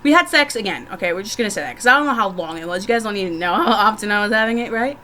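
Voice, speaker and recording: Bright-voiced young woman telling frank stories. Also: medium pitch, lively intonation, very fast, a little hiss or hum. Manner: frank and profane, laughing often. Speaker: vlogger. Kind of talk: candid storytelling to camera.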